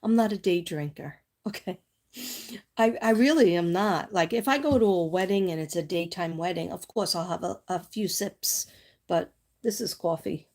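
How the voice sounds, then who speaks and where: A woman hosting a casual psychic livestream, talking straight to her viewers with reassuring, rambling warmth and reading aloud from oracle cards. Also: lowish voice, normal speed. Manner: chatty, reassuring, drifts off on tangents; reads from oracle cards and speaks to viewers by name.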